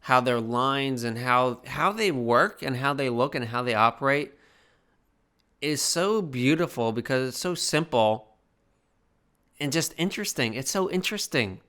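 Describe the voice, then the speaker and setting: A young man giving a casual, rambling film review, profane and animated, with many restarts, and a little tipsy. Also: mid-range voice, a little slow. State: slightly tipsy.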